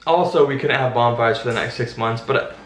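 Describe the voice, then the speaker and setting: A young man in a casual storytime vlog, telling a story in an animated, dramatic way. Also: medium pitch, fairly quick, echoey room. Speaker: vlogger.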